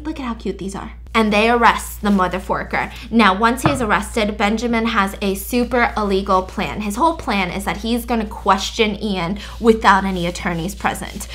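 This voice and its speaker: Casting: young woman, chatty storytime vlogger, animated, a bit high. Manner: chatty, animated retelling with mock-censored swears. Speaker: YouTube storyteller. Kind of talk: casual storytime while baking.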